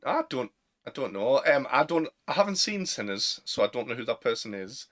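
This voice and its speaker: A young man with a Northern English accent, co-hosting a casual chat, chatty and quick to laugh. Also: mid-range voice, sing-song, a bit bright. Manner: chatty, laughs often, fillers. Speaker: podcast co-host.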